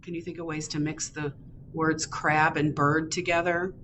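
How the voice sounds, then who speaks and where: A woman's voice: deep voice, flat delivery, moderate pace, very noisy. A woman librarian reading a picture book aloud to young children at a storytime, in a playful, engaging way.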